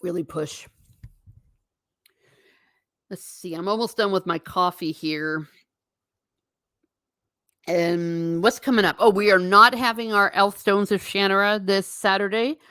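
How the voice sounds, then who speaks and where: A woman's voice: medium pitch, steady tone, measured pace, long pauses, fairly bright tone, clean tone, dry recording, studio quality. A woman hosting a live stream, chatting casually and reading viewer comments aloud with frequent laughs. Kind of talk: casual chat. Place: home.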